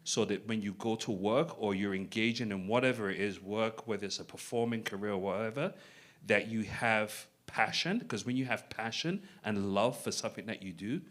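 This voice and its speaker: A middle-aged man with a somewhat low voice speaks earnestly to an audience. He tells a personal story in a reflective way, repeating his key points. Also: normal speed, a bit bright. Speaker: panel speaker. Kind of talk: personal story at a panel event.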